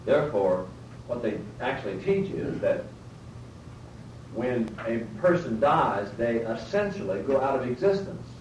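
A man's voice: mid-range voice, very animated, a little slow, darkish tone, lo-fi sound. Man lecturing from a distant mic. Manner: explains step by step, rephrases, asks the class questions. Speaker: Bible teacher. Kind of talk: classroom Bible lecture. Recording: roomy, distant mic, faint background noise.

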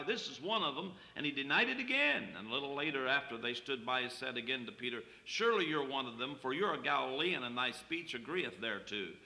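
A man's voice: mid-range voice, gravelly, sharp tone, long reverb tail. A man preaching a sermon, reading King James scripture aloud and then explaining it plainly to the congregation.

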